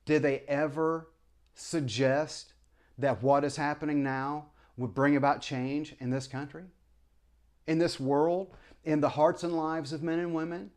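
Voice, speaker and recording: A vlogger who used to be a preacher delivers a rambling opinion monologue to camera, stumbling through many restarts and apologies and firing off impassioned rhetorical questions. His voice is fairly high, steady, unhurried and a little mellow.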